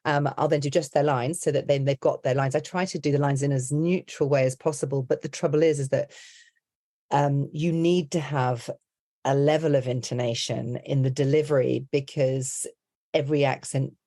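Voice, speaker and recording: Speaking in an extremely low, mellow voice with a steady tone and moderate pace, a middle-aged accent and dialect coach describes how she works during a podcast interview. She is chatty and rambling, saying "you know, like" a lot.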